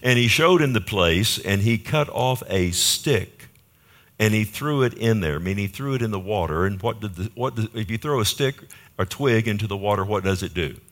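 A male pastor delivers a sermon to his congregation in a relaxed, conversational way. His voice sits on the low side, and he keeps turning to the listeners with rhetorical questions. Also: moderate pace. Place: church.

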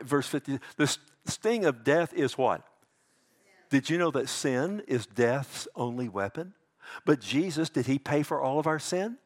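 A man preaching a sermon, calling his listeners "loved one", dropping to hushed tones and rising to loud emphatic peaks, with frequent restarts. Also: breathy edge. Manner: swings between hushed lows and loud emphatic highs; addresses listeners as "loved one", asks "amen?". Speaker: pastor.

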